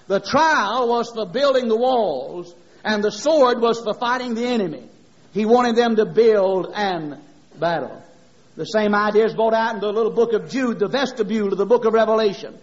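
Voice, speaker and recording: A man's voice: sits high, normal speed. A middle-aged man preaching a sermon, impassioned and rhythmic, mixing scripture with homespun stories. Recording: dull lo-fi sermon recording.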